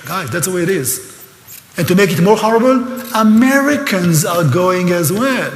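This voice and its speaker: A man's voice: high voice, lively intonation, moderate pace, slight background noise. An older man with an Israeli accent giving a live seminar lecture, emphatic and sarcastic, at times openly emotional. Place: lecture hall. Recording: echoey hall.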